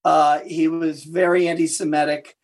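A man being interviewed as a historian, telling lively anecdotes and acting out the quotes in his stories. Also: a little high, normal speed. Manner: animated anecdote teller who acts out quotes. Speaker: guest historian and author. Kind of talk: interview storytelling.

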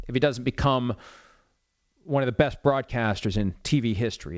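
Man, 50s, solo sports talk host, lively swings in pitch, dry dull studio sound. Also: dry recording. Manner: rambling, self-mocking, opinionated. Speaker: sports radio podcast host. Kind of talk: solo talk show monologue.

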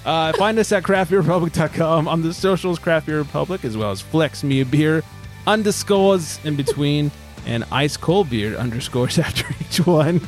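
A man's voice: a little high, normal speed, faint music behind. A man hosting a casual podcast, reading out a countdown list in a loose, joking, foul-mouthed way. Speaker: podcast host.

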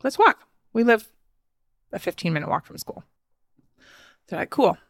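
A woman's voice: lowish voice, moderate pace, no echo, clean studio sound. A woman in her thirties, a podcast host, telling a personal story in a casual, chatty way with frequent laughs and fillers. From United States.

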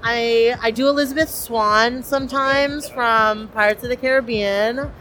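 A woman's voice: a little high, steady tone, a little slow, a bit bright. A young woman cosplayer, chatty and enthusiastic with many fillers, interviewed at a convention. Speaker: cosplayer guest.

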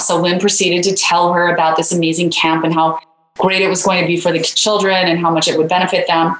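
A woman's voice: on the low side, fairly even intonation, fast, a bit bright, echoey room, rough recording. A woman guest author in an interview, telling a story in a loose conversational way with many fillers.

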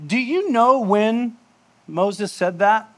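High-voiced man preaching conversationally. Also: slow. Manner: conversational, joking, with asides and laughs. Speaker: pastor. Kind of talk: sermon.

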